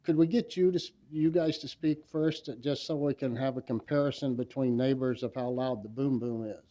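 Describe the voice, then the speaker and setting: A man running a county public hearing, his voice mellow and warm. He thanks speakers politely and calls on the next ones, pausing to find his words. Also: medium pitch. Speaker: board chair.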